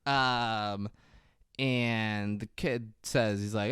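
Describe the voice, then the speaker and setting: A man's voice: mid-range voice, animated, normal speed, dry recording, studio quality. A man casually retelling a movie plot on a podcast, loose and profane with lots of fillers. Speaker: podcast co-host. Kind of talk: casual movie-recap chat.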